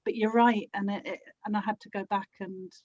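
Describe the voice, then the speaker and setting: A woman's voice: mid-range voice, fairly even intonation, fairly quick, a little mellow, no room sound, lo-fi sound. A woman who acts in and produces audio drama, chatting as an interview guest, self-deprecating and often laughing as she talks. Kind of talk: casual interview chat.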